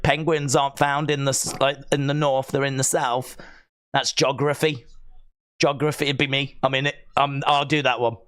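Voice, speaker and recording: A man hosting a wrestling watch-along live stream, chatting excitedly, reading viewer comments and often breaking into high, squealing shouts. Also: clear, resonant tone. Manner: giddy, jumps to squealing high shouts, rambling.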